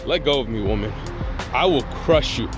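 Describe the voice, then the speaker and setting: A man voicing a serious young hero boy who talks low, stern and commanding. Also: lively intonation, moderate pace, music in the background, close to an everyday voice.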